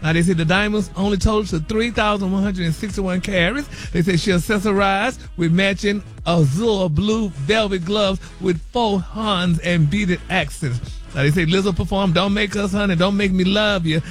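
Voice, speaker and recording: Man, sassy gossip host, high-pitched, radio morning show, laughs a lot, says honey and baby. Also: moderate pace, faint music behind. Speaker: celebrity gossip correspondent.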